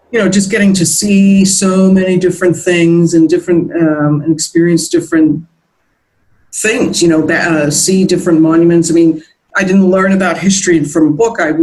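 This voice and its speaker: A woman's voice: fairly low pitch, darkish tone, low-quality recording. A middle-aged American woman being interviewed as a guest, talking in a reflective, meandering way with many restarts. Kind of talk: casual interview chat.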